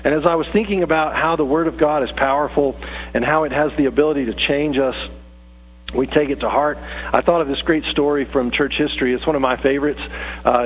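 A man preaching a sermon and telling a story in a relaxed, conversational way, with fillers and restarts. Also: medium pitch. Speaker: pastor. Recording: long reverb with faint hum.

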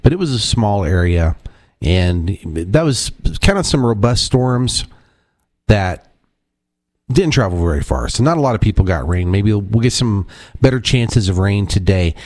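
A man's voice: on the low side, animated, a little slow, a little mellow, no echo, studio quality. A man hosting a local call-in radio show, chatty and rambling, correcting himself as he goes. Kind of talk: casual radio talk. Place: radio studio.

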